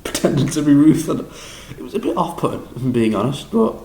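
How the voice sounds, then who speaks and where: A young man with a Liverpool accent, recapping a drama school audition in a rambling, excitable, self-deprecating way with lots of restarts. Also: fairly high pitch, fast, echoey room, a little hiss or hum, rough recording. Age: young adult. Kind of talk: casual vlog recap.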